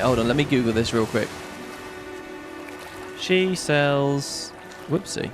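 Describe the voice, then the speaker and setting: Over game music, a man with a medium-pitched voice and vocal fry chats through a let's-play. This gaming YouTuber muses aloud casually while reading text off the screen.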